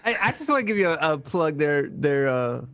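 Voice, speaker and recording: A man on a casual live-stream panel who keeps cracking quick jokes. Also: a little high, sing-song, fairly bright tone.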